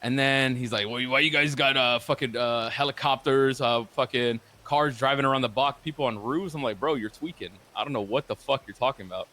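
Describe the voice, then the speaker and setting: Guy telling a messy roleplay story, swears a lot, lots of likes and uhs, mid-pitched voice. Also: brisk, hardly any pauses, bright, forceful tone. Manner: profane, rambling recap with frequent filler words. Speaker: roleplay streamer. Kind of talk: casual storytelling.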